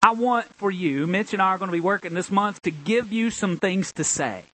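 A man, a pastor, preaching a sermon, swinging between emphatic, drawn-out lines and low, conversational asides. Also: fairly bright tone, no echo, poor audio.

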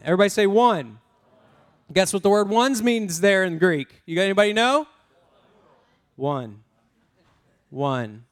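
A man preaching a lively sermon, prompting the congregation to repeat words and talking in a casual, self-interrupting way. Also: sits high, measured pace, pauses often, smooth. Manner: energetic, call-and-response with congregation. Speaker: pastor.

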